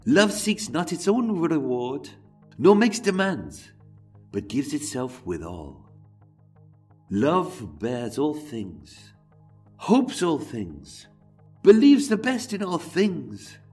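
A man voicing a sentimental poet, reciting slowly in a put-on Welsh accent. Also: on the high side, very animated, a little mellow, soft background music, pitched above the performer's own voice. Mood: earnest. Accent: put-on generic Welsh.

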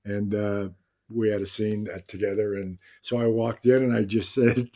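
An older man, a guest actor on an interview podcast, telling anecdotes in a casual, animated way and acting out the lines he quotes. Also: on the low side, normal speed.

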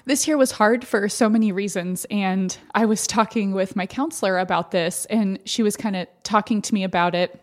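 A woman in her thirties co-hosts a casual podcast conversation. Her voice sits in a middle range, and she keeps up a steady stream of supportive murmurs and affirmations. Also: medium pitch, moderate pace, hardly any pauses. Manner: warm affirming listener, gives frequent "mm-hmm" backchannels. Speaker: podcast co-host. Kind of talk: casual chat.

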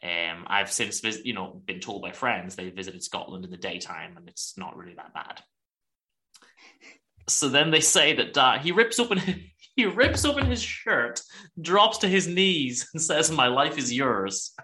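A man's voice: mid-range voice, big pitch swings, a little slow, sharp tone. A man co-hosting a podcast, casually retelling a TV episode and laughing often as he goes. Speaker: podcast co-host. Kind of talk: casual chat recapping a TV episode.

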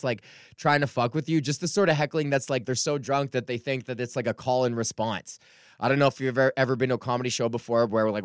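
A stand-up comic in his thirties hosts his own podcast, talking in a loose, profane, rambling rant. His voice is smooth and clear, and the recording is close and dry. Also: mid-range voice, dry recording. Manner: profane, rambling, animated impressions. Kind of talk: casual ranting monologue.

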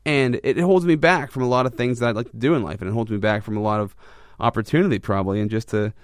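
A man's voice: mid-range voice, fast, no room sound, clean studio sound. A man hosting a podcast, talking candidly and self-reflectively about his own frustrations, with a rambling delivery full of restarts. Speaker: podcast host. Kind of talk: candid personal monologue.

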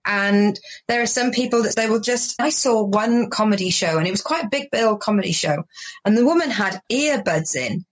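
A woman's voice: medium pitch, normal speed. A woman from the UK, a comedian, telling stories in a podcast conversation over a video call and acting out quotes. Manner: animated storyteller, acts out quotes. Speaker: comedian guest.

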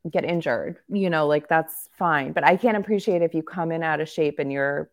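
A woman's voice: low voice, moderate pace. A woman co-hosting a sports podcast, talking in a candid, joking and rambling way in casual chat, with a slight cough. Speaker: podcast co-host.

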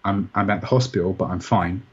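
A man recounting a personal experience in an interview, rambling and halting with many restarts. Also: sits low, slightly rough. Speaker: interview guest. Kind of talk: personal story in conversation. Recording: dull, muffled sound.

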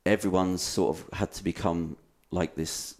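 A low-pitched man holds forth on a casual podcast. He rambles from thought to thought, swears freely and pokes fun at himself. He sounds like a man in his thirties. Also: steady tone, measured pace, darkish tone. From England. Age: 30s. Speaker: podcast co-host. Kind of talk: casual chat.

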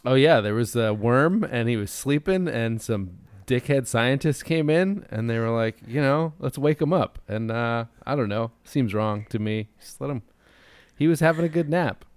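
A man guesting on a comedy podcast, talking in a laid-back, deadpan way. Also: medium pitch, normal speed, clean tone, no room sound. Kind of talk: casual comedic banter.

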